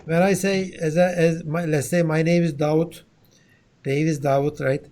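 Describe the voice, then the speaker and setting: Turkish-accented male lecturer, higher voice. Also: little pitch movement, normal speed, background noise. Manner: repeats "okay?" and "right?" to check on students; restarts words often. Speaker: university lecturer. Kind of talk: classroom lecture.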